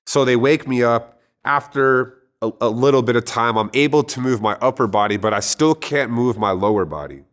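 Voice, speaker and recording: Man, mid-pitched, earnest testimony, casual and conversational, with restarts. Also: moderate pace, fairly bright tone. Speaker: storyteller sharing a personal testimony.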